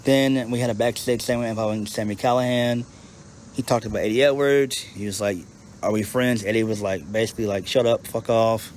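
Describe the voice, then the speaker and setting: Guy doing a laid-back recap vlog, kinda low voice, swears a lot, trips over his words, faint hum behind him. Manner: blunt and profane, with frequent restarts. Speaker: wrestling show reviewer. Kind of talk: casual unscripted recap.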